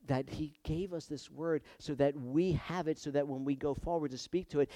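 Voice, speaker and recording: A male pastor preaching a sermon with impassioned delivery, moving between hushed passages and loud emphatic ones. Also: mid-range voice, dry recording, studio quality.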